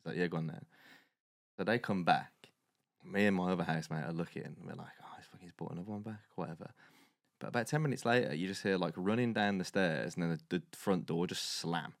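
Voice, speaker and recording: A man, co-hosting a podcast, telling animated, sweary stories in casual chat. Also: low-pitched, quick pace, vocal fry, no room sound, studio quality. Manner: animated storyteller, swears freely, British slang. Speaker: podcast co-host.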